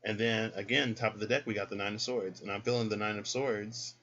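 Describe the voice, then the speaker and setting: A man's voice: lowish voice, steady tone, fairly quick, bright, forceful tone. A man giving a casual tarot reading, sassy and chatty, talking straight to the listener, in a dull lo-fi recording. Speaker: tarot reader. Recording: dull lo-fi sound.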